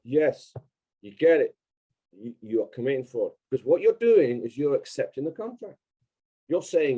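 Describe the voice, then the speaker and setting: A man's voice: fairly high pitch, expressive, moderate pace, long pauses, dark tone, lo-fi sound. A man speaking as a podcast guest, emphatic and insistent, repeating his key points. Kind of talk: casual interview talk.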